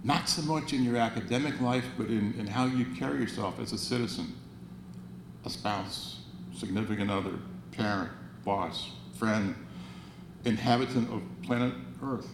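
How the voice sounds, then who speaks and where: A man's voice: on the low side, moderate pace. A man in his sixties delivers an earnest, wry motivational speech in a roomy banquet hall. He often repeats and restarts words as he goes. A faint hum sits under his voice. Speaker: banquet speaker.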